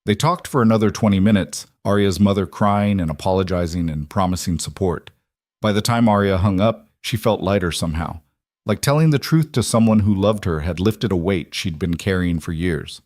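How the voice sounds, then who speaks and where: A man narrating a scripted drama story in an even, measured way. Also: low-pitched, no room sound, clean studio sound.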